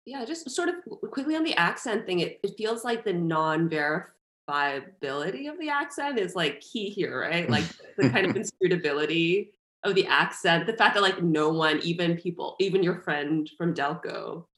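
A woman with a very low voice chats casually, her sentences halting and full of fillers. The recording has a roomy echo around her. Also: lively intonation, fairly bright tone. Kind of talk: casual discussion.

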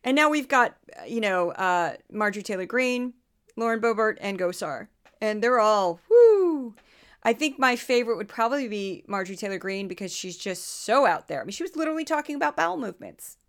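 A woman hosting a podcast, talking in a lively, sarcastic, laughing way. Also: medium pitch, brisk, clean tone. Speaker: podcast host. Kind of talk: casual commentary.

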